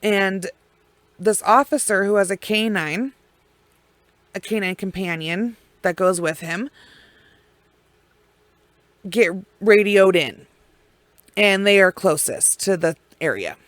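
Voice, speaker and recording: Woman, true crime storyteller, casual, blunt and profane, slow-paced, dry close sound. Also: medium pitch, dry recording. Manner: blunt and profane, with heavy pauses.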